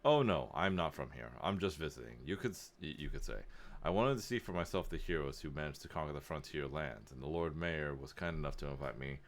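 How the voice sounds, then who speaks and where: Male streamer reading a polite, ambitious young noble heir; plain low voice, persuasive. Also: expressive, a little fast, a little hiss or hum. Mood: courteous. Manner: courteous, persuasive.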